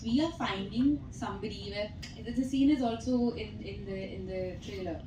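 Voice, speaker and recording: A woman's voice: mid-range voice, normal speed, recorded from a distance. A woman in her thirties with an Indian English accent, an actress telling chatty stories at a press meet and laughing often. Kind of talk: press conference answers. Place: press hall. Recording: echoey hall, faint background noise.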